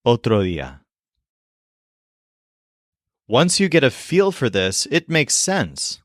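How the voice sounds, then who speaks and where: A man teaching in a language lesson video, explaining clearly and modeling sounds slowly. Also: fairly high pitch, sing-song, a bit bright, dry recording, studio quality. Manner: clear, demonstrative, slows to model pronunciation.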